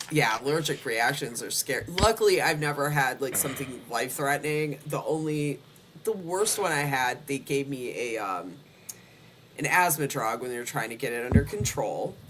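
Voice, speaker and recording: Woman rambling casual stories on a podcast, laughs a lot, hissy noisy audio. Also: very deep voice. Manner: chatty storyteller, laughs often. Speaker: podcast co-host. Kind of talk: casual chat.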